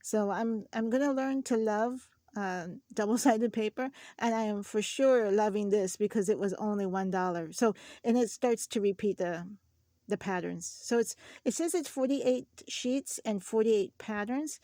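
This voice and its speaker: A woman's voice: mid-range voice, moderate pace, dark tone, no echo, clean studio sound. A woman hosting a craft channel, chatting casually through a shopping haul and telling stories with many restarts. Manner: chatty, storytelling, frequent restarts.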